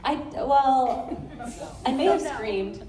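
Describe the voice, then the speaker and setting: A woman's voice: high-pitched, takes it slowly. A woman from Los Angeles, a convention panel guest, telling chatty, giggly stories full of fillers. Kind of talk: animated storytelling at a fan panel. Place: large convention hall. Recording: echoey hall from far off, loud crowd noise.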